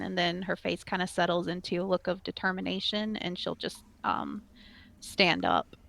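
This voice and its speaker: A woman's voice: fairly low pitch, vocal fry, fairly bright tone. A woman playing in a tabletop game, describing her character in a hesitant, thoughtful way. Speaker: player.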